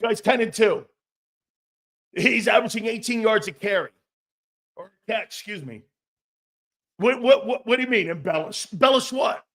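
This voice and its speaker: A man hosting a casual sports talk show, blunt and animated, swearing freely. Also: sits high, moderate pace, pauses often.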